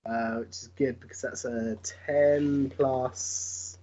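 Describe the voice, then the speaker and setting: A man's voice: medium pitch, fairly even intonation, slow, mellow. A man playing a tabletop game, describing his character's moves with hesitant, dry amusement. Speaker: player.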